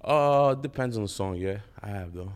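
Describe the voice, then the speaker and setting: A man's voice: lowish voice, expressive, normal speed. A young man chatting casually as a guest, laid-back and joking. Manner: laid-back, joking, says "you know" a lot. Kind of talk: casual interview chat.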